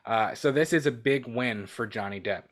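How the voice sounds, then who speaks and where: A man co-hosting a movie news show, reading articles aloud and breaking off for his own comments. His voice sits in an ordinary middle pitch and he keeps a loose, casual tone. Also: moderate pace. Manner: rambling, reads articles with asides. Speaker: podcast co-host.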